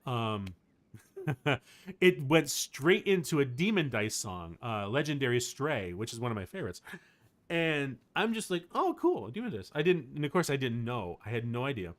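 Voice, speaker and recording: A man livestreaming, chatting casually with his viewers in a rambling, excitable way, full of fillers. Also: medium pitch, moderate pace. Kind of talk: casual chat to a live chat.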